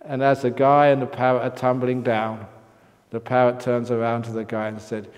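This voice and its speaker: A man's voice: medium pitch, level tone, normal speed. An older man gives a dharma talk at a meditation retreat, mixing teaching with playful jokes and stories. His voice sits in a middle register. Long reverb from the hall trails after each phrase. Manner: joking storyteller, occasional coughs. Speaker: Buddhist monk teacher.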